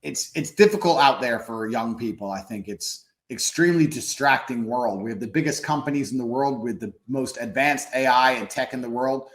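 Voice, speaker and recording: A man's voice: mid-range voice, normal speed, hardly any pauses, a bit bright. A man speaking bluntly and emphatically as a podcast guest, swearing and repeating himself for force. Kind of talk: podcast conversation. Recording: roomy echo.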